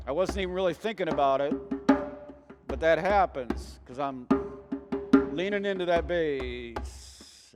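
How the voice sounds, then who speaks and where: A man's voice: a little high, a little slow, long pauses, loud music behind the voice. Man teaching hand drumming in reverb. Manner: chanting rhythm phrases while drumming, encouraging. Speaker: drum circle teacher. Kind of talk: hand drum lesson. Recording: reverberant room with loud drumming. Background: hand drum playing.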